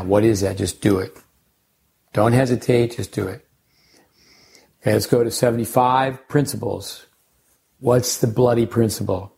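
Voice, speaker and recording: A man's voice: lowish voice, fairly even intonation, moderate pace, gravelly, pauses often, darkish tone, husky. An older man, a tennis coach hosting a podcast, talking casually and rambling through coaching lessons and side stories. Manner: rambling, anecdotal, with restarts and sidebars.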